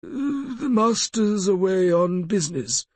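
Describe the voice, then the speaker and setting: A man voicing a man pretending to be a squeaky, dim-witted butler who stammers with "uh". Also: big pitch swings, unhurried, no echo, heavily acted. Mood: simpering. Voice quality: squeaky, hesitant with uh. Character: half-witted squeaky male butler, a disguise.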